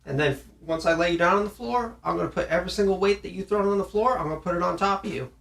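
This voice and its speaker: A man from the American South in casual conversation, animated, acting out stern parents in his stories. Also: high voice, very fast, vocal fry. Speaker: podcast co-host. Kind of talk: casual chat.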